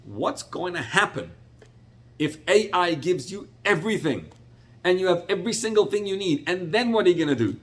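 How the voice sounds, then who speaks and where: A middle-aged man, a rabbi, teaching a Torah class with animated, expressive storytelling and sudden jumps in pitch. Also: moderate pace.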